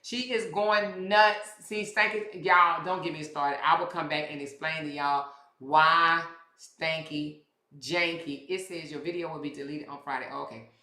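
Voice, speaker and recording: A woman's voice: low voice, steady tone, unhurried, pushed and bright, roomy sound. A woman hosting a casual livestream, talking bluntly and with plenty of profanity straight to her viewers. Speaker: livestream commentary host.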